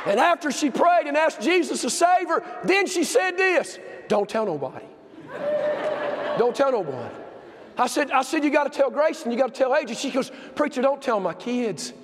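A man preaching a sermon, telling stories with passion and swinging from shouts to hushed tones. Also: extremely high pitch, very animated, normal speed, background noise. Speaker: pastor. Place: church sanctuary. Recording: long hall reverb.

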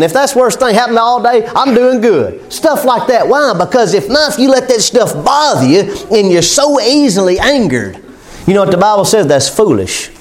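A man preaching a sermon in a folksy, conversational way, chuckling between points. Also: very high-pitched. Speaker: pastor.

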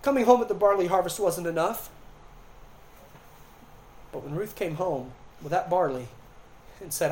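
Preacher giving an impassioned sermon. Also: male voice, on the high side, a little slow, long pauses, darkish tone, slight background noise, poor audio. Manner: impassioned preaching with dramatic retellings of scripture. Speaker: pastor.

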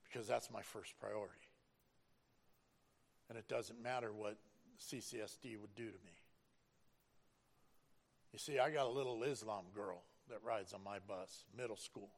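A man's voice: on the low side, moderate pace, vocal fry, pauses often. A middle-aged man giving an earnest, preacherly personal testimony about driving a school bus.

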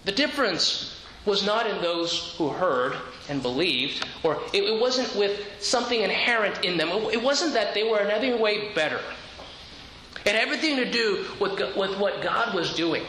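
Bright-voiced man preaching in an echoey room. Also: high voice, lively intonation, normal speed, a little hiss or hum. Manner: explains scripture step by step, with frequent word repeats. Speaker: pastor. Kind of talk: sermon.

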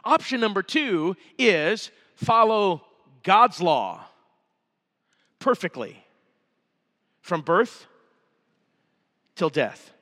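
A man preaching a revival sermon, telling a story with animated, emphatic delivery. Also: sits high, very slow, pauses often. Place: church sanctuary. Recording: long reverb of a church hall.

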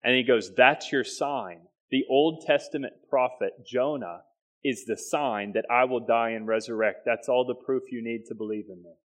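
Guy preaching a sermon, medium voice, punches the key words, quick asides in between. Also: mid-range voice. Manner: emphatic preaching, quick asides with slow stressed phrases. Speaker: pastor.

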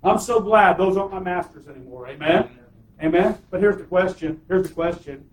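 A pastor with a very high voice preaches emphatically and draws amens from the congregation. His voice carries through a roomy, echoey sanctuary. He is picked up from well back from the mic. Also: brisk, far from the mic. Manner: emphatic, call-and-response preaching. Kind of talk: sermon.

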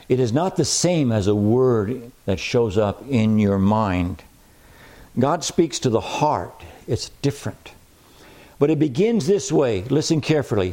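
Mellow-voiced man preaching a sermon. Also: on the high side. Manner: emphatic, repeats key phrases, slows on scripture.

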